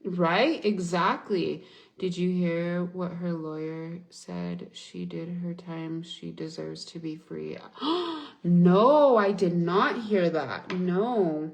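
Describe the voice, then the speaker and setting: Young woman, livestream host, angry venting, swears a lot, slow pace, echoey room. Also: fairly low pitch, gravelly. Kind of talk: casual livestream chat.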